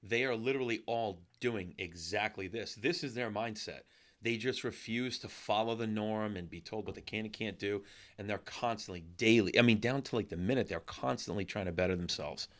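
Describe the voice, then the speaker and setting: A man with a lowish voice hosting a casual podcast. He talks earnestly about mindset and growth, in a motivational way. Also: moderate pace. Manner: earnest, motivational, self-help talk. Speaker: podcast host.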